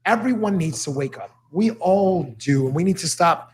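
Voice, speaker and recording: A man talking fast and with energy, telling stories as a motivational guest on a talk show. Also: sits high, lively intonation, slight background noise. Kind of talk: casual talk show conversation. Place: studio.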